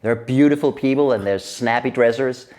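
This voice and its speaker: A middle-aged man from Denmark, a guest in an interview who tells stories in a lively way and laughs often. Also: medium pitch, normal speed. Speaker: guest expert on workplace happiness. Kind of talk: casual interview chat.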